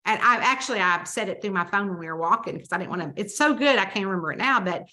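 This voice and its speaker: Southern woman, crisp bright voice, chatty guest who acts out dialogue. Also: mid-range voice, lively intonation, quick pace. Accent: Southern American. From Southern United States. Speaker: mystery author, interview guest. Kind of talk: casual storytelling interview.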